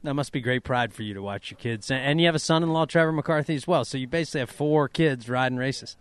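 A man interviewing a guest, asking relaxed conversational questions. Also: mid-range voice, quick pace, clear, resonant tone. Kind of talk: casual interview.

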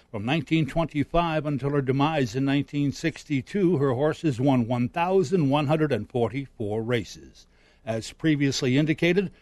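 A man's voice: mid-range voice, darkish tone, no room sound. Man, formal narration, stately storyteller, dry sound. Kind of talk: scripted narration.

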